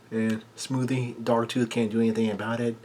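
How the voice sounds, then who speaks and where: A man casually recapping a manga chapter, halting often with fillers and restarts, and blunt enough to swear when something surprises him. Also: mid-range voice, flat delivery, darkish tone, a little hiss or hum.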